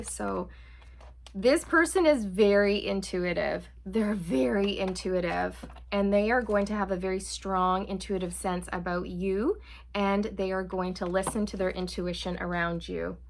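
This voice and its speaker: A woman's voice: mid-range voice, unhurried, vocal fry, slight background noise. A woman giving a channeled tarot reading to her viewers, earnest and reassuring, often checking in with "okay" and "you guys". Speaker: tarot reader.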